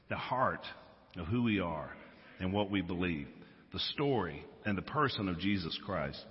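A pastor from Louisiana preaches in a relaxed, conversational way, his coloring his stories as his energy rises and falls. His voice carries a long reverb from a large sanctuary. The sound is a bit muffled, like a live-stream feed. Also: lowish voice. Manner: conversational, animated storytelling. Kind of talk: sermon.

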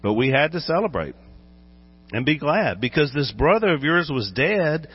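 Male pastor preaching with lively acted-out voices; lo-fi recording with a hum behind. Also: on the high side, normal speed, husky. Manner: animated, acts out voices while preaching. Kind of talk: sermon.

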